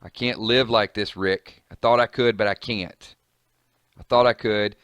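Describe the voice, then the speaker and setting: A man's voice: fairly low pitch, steady tone, a little slow, fairly bright tone, clean tone, no echo, dull audio. A man voicing a desperate, unraveling male cop in a comic reading, bitter and pleading, in a dry close recording. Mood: anguished. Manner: bitter, pleading, voice rising in anguish.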